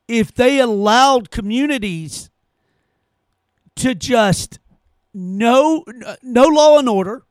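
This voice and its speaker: A man's voice: extremely high pitch, no echo. A man hosting his own podcast, giving indignant, sarcastic solo commentary and repeating phrases for emphasis. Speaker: podcast host.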